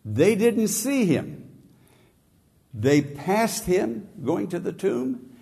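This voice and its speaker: A pastor preaches with a husky, slightly breathy voice. He speaks slowly and deliberately, suddenly lifting his pitch and volume for emphasis. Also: sing-song, mellow. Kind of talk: sermon.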